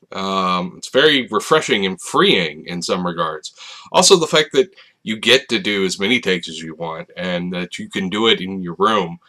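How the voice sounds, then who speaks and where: A man with a low voice and sharp tone hosts his own channel, speaking to the camera. It's a casual late-night ramble, hesitant and full of fillers and restarts.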